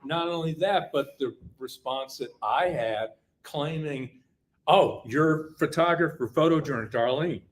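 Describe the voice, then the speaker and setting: A man's voice: on the high side, a little slow, low-quality recording. A man, a crime reporter, in casual chat who tells stories and often repeats words while he gathers his thoughts.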